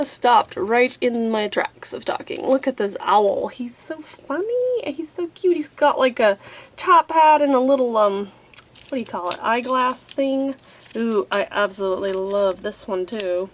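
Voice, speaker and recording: A chatty woman with a slightly high voice unboxes craft supplies at a table, thinking aloud with plenty of ums and little gasps of delight. There's a faint hiss under her voice. She sounds relaxed and easily pleased. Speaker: craft vlogger unboxing a subscription box. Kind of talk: casual unboxing chat.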